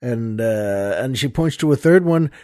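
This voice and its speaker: A man's voice: medium pitch, animated, a little slow, dark tone, no room sound, clean studio sound. An older man hosting a podcast, telling a joke in a rambling, chuckling way, with lots of fillers. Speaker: podcast host. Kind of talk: casual storytelling chat.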